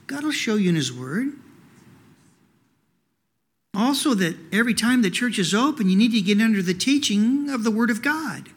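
High-voiced male pastor preaching conversationally. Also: big pitch swings, normal speed, pauses often, breathy edge. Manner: conversational, many "you know" fillers, rhetorical questions. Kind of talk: sermon.

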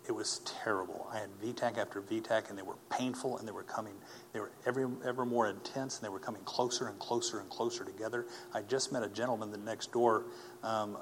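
Man, lower register, earnest personal testimony with halting delivery, faint noise in the background. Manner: earnest, halting, with many fillers and restarts. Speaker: speaker telling his testimony.

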